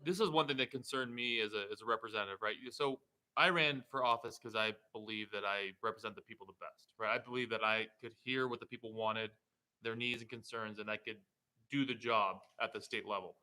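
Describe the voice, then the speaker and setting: A man's voice: on the low side, brisk, sharp tone, poor audio. A man who is a state representative, speaking heatedly and emphatically as a guest in a political interview. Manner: heated, emphatic, rising to indignation.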